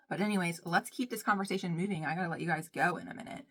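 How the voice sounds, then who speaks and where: A woman's voice: on the low side, fast talker, hardly any pauses. A young woman talks through her makeup routine at home in a loose, rambling vlog chat. She wanders from topic to topic and keeps saying "y'all", with a friendly, unscripted flow. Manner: chatty, rambling, says "y'all" often. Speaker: beauty vlogger. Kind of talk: casual chat while doing makeup.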